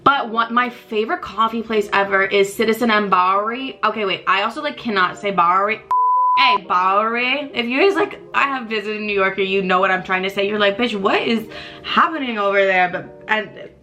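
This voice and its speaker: Young woman doing a grwm vlog, super chatty, lots of likes and swearing, bright voice. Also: mid-range voice, a little fast, few pauses, faint music behind. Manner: chatty, profane, frequent likes. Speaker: vlogger. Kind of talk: casual get-ready-with-me chat.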